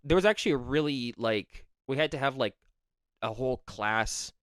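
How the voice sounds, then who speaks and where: A man's voice: mid-range voice, expressive, fairly bright tone, no echo, studio quality. A young man telling rambling stories about school pranks in casual chat, laughing between lines. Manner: rambling storyteller, quick laughs. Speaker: podcast co-host. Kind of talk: casual chat, reading advice aloud.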